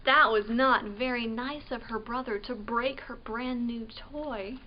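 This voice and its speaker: A woman librarian reading a picture book aloud at storytime, slow and expressive, asking the listening children questions. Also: on the high side, highs cut off, a little hiss or hum.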